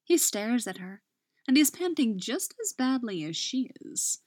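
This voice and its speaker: A woman narrating a romance story in a soft voice that drops into whispers. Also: a little high, sing-song, unhurried, no echo, clean studio sound.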